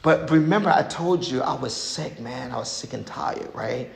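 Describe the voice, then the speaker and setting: Gravelly man telling his recovery story. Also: medium pitch, moderate pace. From United States. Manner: animated storytelling, acting out quoted voices, addresses the audience. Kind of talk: recovery meeting share. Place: meeting room. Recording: echoey room, faint noise.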